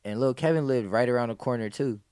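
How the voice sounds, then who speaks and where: A man's voice: mid-range voice, fast talker, smooth, dry recording, clean studio sound. A man, a guest on a podcast, telling stories in casual, slang-heavy talk and acting out what people said. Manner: animated, acts out quoted exclamations, heavy slang and swearing. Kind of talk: casual storytelling.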